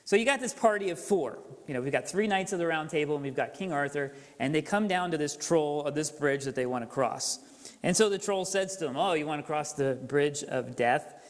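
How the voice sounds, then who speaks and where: A man preaching a sermon as pastor, telling a story in a relaxed, conversational way with rhetorical questions. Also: fairly high pitch, brisk. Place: church sanctuary. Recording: echoey church hall reverb.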